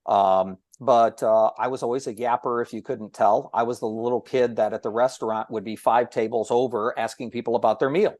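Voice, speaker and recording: A man guest on a podcast, telling a story about his broadcasting start in a lively, chatty way and acting out what others said. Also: medium pitch, a little fast, hardly any pauses, no echo. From Ohio. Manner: animated storyteller who acts out quoted voices. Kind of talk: storytelling in casual chat.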